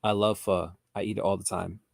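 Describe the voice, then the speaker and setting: A man talks viewers through a live trading lesson in a relaxed, chatty way, answering questions from the chat as they come in. His voice has a gravelly edge. The sound is dry and close, with no room echo. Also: low voice, brisk. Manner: chatty, addresses viewers directly, reads chat comments aloud. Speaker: trading educator hosting a livestream. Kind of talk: casual livestream teaching, answering chat.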